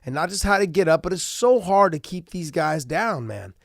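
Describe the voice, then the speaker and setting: A man talking through fight analysis in a loose, rambling way, full of restarts and fillers. He is jet lagged and a little tired, and his voice sits fairly high for a man. The sound is dry and close, with no room around it. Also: expressive, moderate pace, no echo. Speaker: host of fight analysis show. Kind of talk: casual commentary.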